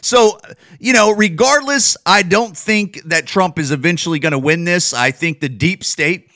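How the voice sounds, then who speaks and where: A man's voice: high-pitched, normal speed, bright, forceful tone. A man who is a comedian and podcast host, ranting bluntly and profanely in a casual monologue, often restarting his sentences.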